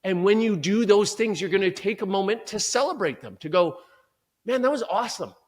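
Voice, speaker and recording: A man speaking as a performance coach in an interview, talking in an emphatic, energetic, motivational way. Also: high-pitched, brisk.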